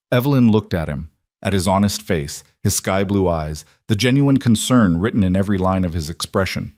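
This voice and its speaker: Male narrator, low voice, dry close mic; calm, measured scripted story reading. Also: no room sound.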